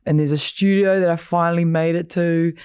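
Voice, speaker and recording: A woman's voice: lowish voice, steady tone, brisk, darkish tone, clean tone, no echo. A woman co-hosting a rugby podcast, chatting casually in a studio with lots of laughter and slangy asides.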